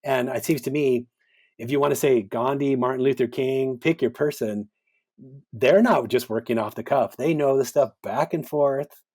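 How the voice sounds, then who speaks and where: A man talking as a podcast guest in a relaxed interview, thoughtful and animated, often acting out the voices of people he quotes. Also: mid-range voice, normal speed. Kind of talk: conversational interview.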